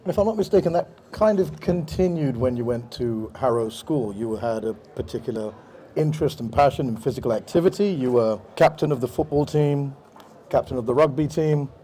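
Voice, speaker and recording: A man's voice: medium pitch, fairly quick. A man interviewing a guest, joking lightly as he asks his questions. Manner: joking, lively. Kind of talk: casual chat.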